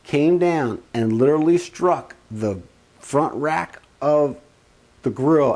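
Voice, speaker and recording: A man telling a funny family story in a casual first-person way, animated, with big swings in pitch and loudness.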